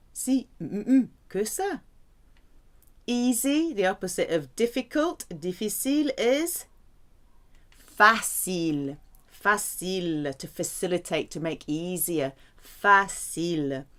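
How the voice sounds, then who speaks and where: A woman teaching a language lesson, slowly drilling phrases and humming placeholder sounds between words. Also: mid-range voice, sing-song. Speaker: French teacher.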